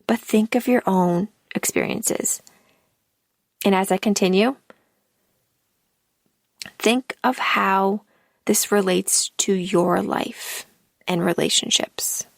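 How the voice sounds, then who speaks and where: A woman coaching through a podcast episode in an unhurried, measured way, letting her sentence ends fall away into breath. Her voice carries a gravelly, creaky texture. The recording is close and dry, with no room sound. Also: mid-range voice, steady tone, dry recording. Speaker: life coach, podcast host. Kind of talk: slow scripted podcast monologue.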